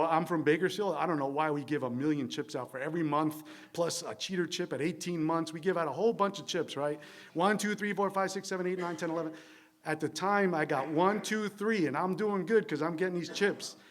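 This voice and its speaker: A man's voice: a little high, a little fast, hardly any pauses. A man from New Jersey candidly sharing his recovery story at a meeting, rambling with wry, self-deprecating humor. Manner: rambling with fillers and tag questions. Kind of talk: recovery meeting share, conversational monologue. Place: church meeting room.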